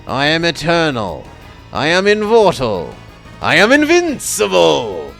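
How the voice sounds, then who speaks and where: A man's voice: a little high, huge pitch swings, takes it slowly, gravelly, fairly bright tone, soft background music, pitched above the performer's own voice, full character voice. A man voicing an ancient evil male skull spirit that hunts for a new body, reading the game's dialogue in grand, menacing proclamations. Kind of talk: reading game dialogue aloud.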